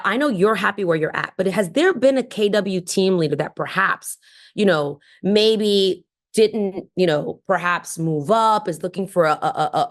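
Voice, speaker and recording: A woman with a somewhat low voice tells upbeat stories of recruiting calls, acting out each side of the conversation. She talks to a group over a video call, with high energy and plenty of encouragement. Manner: animated storytelling, acting out phone calls. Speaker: team leader sharing recruiting tips.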